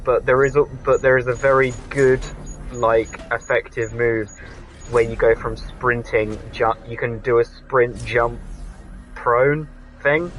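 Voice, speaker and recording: A man's voice: mid-range voice, fairly even intonation, measured pace, fairly bright tone, low-quality recording. A man co-hosting a casual gaming podcast, chatty and rambling, restarting sentences and swearing now and then. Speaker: podcast co-host. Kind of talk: casual chat.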